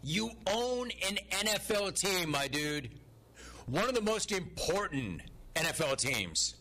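A man's voice: fairly high pitch, bright, forceful tone. A man hosting a sports talk show, delivering sarcastic, incredulous, mocking commentary.

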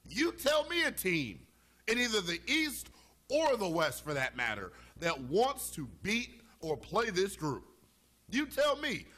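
Sports radio host, male, high bright voice, big swings in pitch, emphatic rant to listeners. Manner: animated, emphatic, fired-up arguing; talks straight to listeners. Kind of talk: sports talk radio monologue.

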